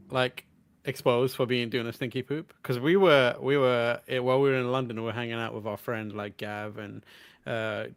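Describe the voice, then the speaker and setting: A man co-hosting a podcast, telling stories in casual chat with lots of laughter. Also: mid-range voice. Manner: animated storyteller, laughs often. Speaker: podcast host.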